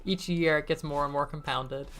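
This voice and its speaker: A woman's voice: deep voice, steady tone, moderate pace, fairly bright tone. A woman streamer giving casual, self-mocking commentary while she plays a game. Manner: chatty, self-mocking, giggly asides. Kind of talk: casual let's-play commentary.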